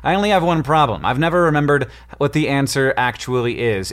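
A man co-hosting a podcast, chatting playfully with his brother, laughing often and tossing in quick asides. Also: mid-range voice, animated, fairly bright tone. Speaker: podcast co-host. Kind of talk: casual chat with brother, reading listener questions.

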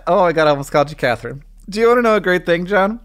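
A man co-hosting a casual podcast. He speaks in a slightly high voice with a lively, swinging pitch and a teasing, animated delivery. He laughs readily between his points. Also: rapid-fire, clean tone. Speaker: podcast co-host. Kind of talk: casual chat.

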